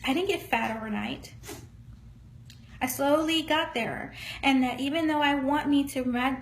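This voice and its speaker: A woman with a notably high voice talks as a psychic medium in a relaxed live-streamed reading. She sounds earnest and encouraging, with homey asides, and there's a faint hum of noise under her voice. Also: poor audio. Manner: earnest, encouraging, folksy, calls listeners honey.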